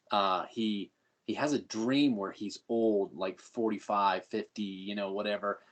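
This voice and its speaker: A man's voice: fairly low pitch, fairly bright tone. Upbeat middle-aged man telling stories. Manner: upbeat, storytelling, laughs often. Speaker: guest. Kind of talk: casual chat.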